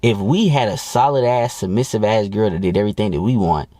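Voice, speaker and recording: A man's voice: lowish voice, brisk, warm tone, no echo. A man giving dating advice in a blunt, profane, mocking rant. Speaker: dating coach. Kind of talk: ranting advice monologue.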